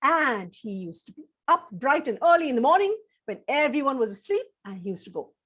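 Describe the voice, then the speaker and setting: A woman tells a children's story with a high voice that rises and falls widely. She sounds sing-song and coaxing, inviting little listeners to take part. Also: big pitch swings, a little fast, fairly bright tone, husky.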